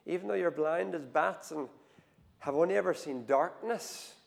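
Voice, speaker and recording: A man preaching a sermon, telling the story with animated swings between hushed and loud delivery. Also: fairly high pitch, normal speed, creaky. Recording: long hall reverb.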